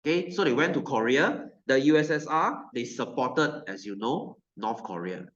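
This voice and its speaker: A man's voice: medium pitch, lively intonation, moderate pace, a bit bright, reverberant, dull audio. A man with a Malaysian English accent, teaching a science class in a loose, joking way and putting on mocking voices. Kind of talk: classroom lecture.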